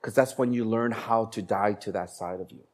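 A man preaching a sermon as a pastor, slowing down to stress key phrases and growing animated when he tells stories. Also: fairly low pitch. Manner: animated storytelling, bursts of laughter and acted voices; slows down for emphasis on key phrases.

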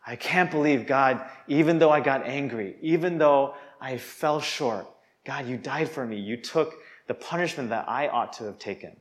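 A man's voice: mid-range voice, normal speed. A young man preaching a sermon in an earnest, conversational way, often restarting his sentences.

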